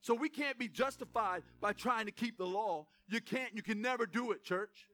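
A man preaching an energetic sermon in a church, speaking straight to the congregation with emphatic repetition. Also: high-pitched, moderate pace. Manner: fired-up, addresses congregation directly, emphatic repetition. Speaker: pastor. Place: church sanctuary.

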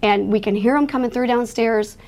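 Gravelly-voiced woman telling a true story. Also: a little high, a little fast, darkish tone. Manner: earnest, emotional retelling of a frightening night; speaks with religious faith. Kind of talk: personal testimony storytelling.

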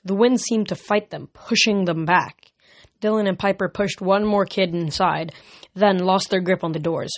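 A man reading a novel aloud as an amateur audiobook, steady with small slips. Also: high-pitched, normal speed, no echo. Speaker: reader.

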